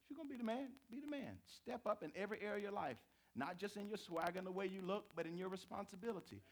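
A man preaching a sermon to a live congregation, telling stories with big swings from quiet to shouting. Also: quick pace. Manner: animated storytelling, swinging from low to shouted. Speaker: pastor.

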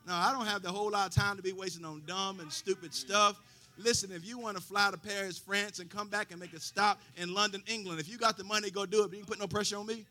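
A middle-aged pastor delivers a sermon in a fairly high, bright, forceful voice. He swings from loud preaching to hushed asides, dropping in folksy stories along the way. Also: steady tone, quick pace.

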